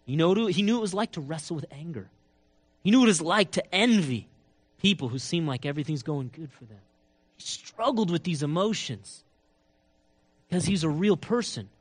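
A man preaching a sermon, telling a story with lively acted-out quotes and big swings between soft and loud. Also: normal speed, long pauses. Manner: animated storytelling, acts out quotes with big swings in pitch and loudness. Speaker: pastor.

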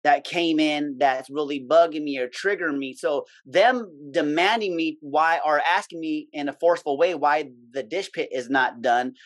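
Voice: medium pitch, normal speed, few pauses. A guest in a casual talk, telling a work story bluntly with plenty of swearing. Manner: blunt, salty storytelling with acted-out quotes. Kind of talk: casual podcast chat.

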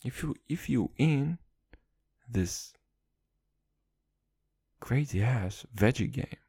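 Brief: young male podcast host, gravelly and husky, lively swoops in pitch, crude comic rambling. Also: drawn-out words, no echo, clean studio sound. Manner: profane, loose and jokey, talks of himself as "your boy". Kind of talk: rambling comedic monologue.

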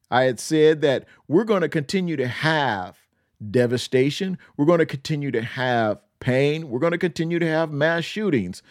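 A man's voice: a little high, a little mellow, no room sound, studio quality. A man hosting a Bible podcast, preaching in an emphatic style that repeats phrases for effect. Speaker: podcast host teaching the Bible.

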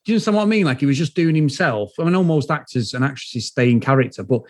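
A man co-hosting a casual movie review chat, giving enthusiastic, animated opinions. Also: medium pitch, fast talker, no echo, clean studio sound. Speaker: podcast co-host.

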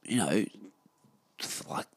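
A man's voice: takes it slowly, no room sound. An Australian man in his thirties, rambling and swearing freely as he hosts a casual solo podcast from his living room. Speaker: podcast host.

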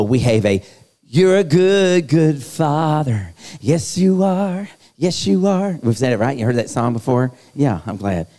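A man's voice: mid-range voice, darkish tone. A middle-aged man, preaching to a live youth conference in a playful, teasing way and talking straight to the crowd. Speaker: youth speaker. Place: large hall. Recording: long hall reverb.

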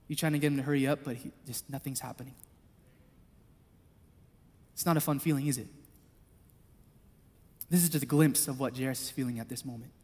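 High-voiced preacher in a reverberant hall. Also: male voice. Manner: passionate, swings between loud appeals and hushed storytelling. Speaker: pastor. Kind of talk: sermon. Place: church hall.

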